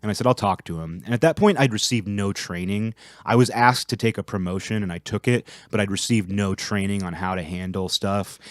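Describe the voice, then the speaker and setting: A man's voice: lowish voice, a little fast, hardly any pauses, no echo. Rambling young man, dry sound. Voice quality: rambling, lots of "like" fillers. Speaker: vlog host. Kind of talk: casual storytelling monologue.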